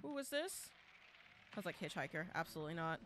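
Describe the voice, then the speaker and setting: A woman streaming a live game, talking fast and often in bursts, shouting and repeating herself as the game goes on. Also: fairly low pitch, background noise. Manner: animated, exclaiming and shouting at the game; talks to chat and teammates, repeats phrases. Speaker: gaming streamer. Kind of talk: live gameplay commentary.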